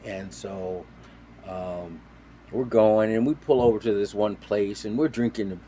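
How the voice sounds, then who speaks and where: A man with a fairly low voice tells a story in a relaxed, casual way. He acts out the people he quotes, turning suddenly loud and then dropping to quiet asides. A faint hiss of noise sits under the recording. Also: measured pace. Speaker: storyteller on a talk show.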